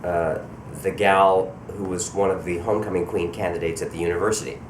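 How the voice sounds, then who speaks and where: Man, very low voice, relaxed and self-deprecating, echoey convention room, faint chatter. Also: fairly quick, slight background noise. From Colorado, USA. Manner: relaxed, self-deprecating, repeats words when starting thoughts. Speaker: voice actor. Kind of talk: convention interview.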